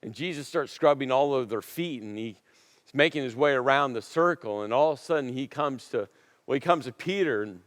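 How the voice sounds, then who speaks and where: Emphatic preacher in a reverberant hall. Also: male voice, medium pitch, a bit bright. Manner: storytelling, emphatic, with dramatic pauses and repetition. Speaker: pastor. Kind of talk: sermon. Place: church auditorium.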